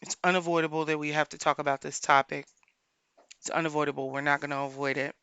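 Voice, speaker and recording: A woman life coach hosting a solo podcast, speaking earnestly and repeating her points for emphasis, pausing often to think aloud. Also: low-pitched, little pitch movement, fairly bright tone, smooth, no echo.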